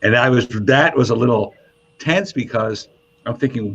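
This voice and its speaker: A man, a radio DJ and guest, telling animated stories in a casual interview and jumping up in pitch when he quotes people. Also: moderate pace, breathy edge. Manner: animated storyteller, voices quotes with high pitch jumps. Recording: muffled lo-fi sound.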